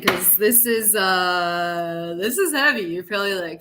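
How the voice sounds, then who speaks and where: A woman's voice: lowish voice, lively intonation, normal speed, hardly any pauses, sharp tone, slight background noise. A young adult woman giving a casual tarot reading, talking in a blunt, profane, tough-love way. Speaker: tarot reader.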